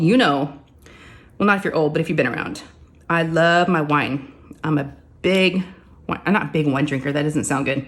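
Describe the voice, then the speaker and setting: Forties woman vlogger, slightly low voice, rambling friendly chat straight to her viewers. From Texas. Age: 40s. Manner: chatty, rambling, addresses viewers as y'all. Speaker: crafting vlogger. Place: craft room at home.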